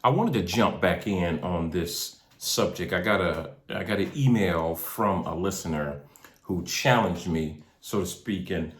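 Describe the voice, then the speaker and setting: Recorded in a car with a roomy sound, a minister hosts a faith podcast in a deep voice at a measured pace. He preaches energetically, using street slang and often repeating his words.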